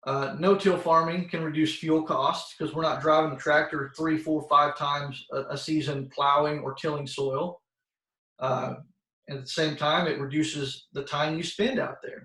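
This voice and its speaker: A soil health expert gives schoolchildren an informal, plain-spoken, folksy lesson over a video call, often pausing on fillers and restarting sentences. His slightly high voice is bright and forceful, sounding far from the mic in an echoey room.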